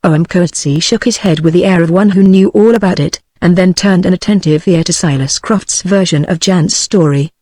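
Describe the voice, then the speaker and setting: A text-to-speech woman's voice with a British accent, reading a novel aloud in an even synthetic delivery. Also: on the low side, normal speed, hardly any pauses, no echo. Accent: British English. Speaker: audiobook reader.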